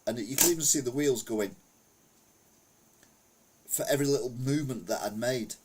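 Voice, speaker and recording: There's background noise as a middle-aged Englishman speaks at a moderate pace in a mid-range voice. Chatting casually on a retro gaming live stream, he rambles through old stories and reads the chat out loud.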